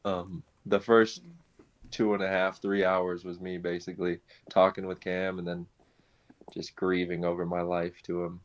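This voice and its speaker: A young man telling his conversion story in casual conversation, animated, laughing often and restarting his sentences. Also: low-pitched, measured pace. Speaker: guest sharing his conversion testimony. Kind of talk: conversational personal testimony. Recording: dull lo-fi sound.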